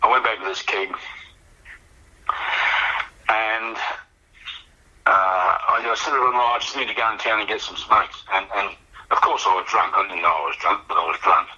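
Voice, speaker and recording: A man's voice: lowish voice, moderate pace, long pauses, sharp tone, breathy edge, lo-fi sound. An older Australian man telling a personal recovery story in a rambling, reflective way, often repeating words as he goes. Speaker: guest sharing recovery story.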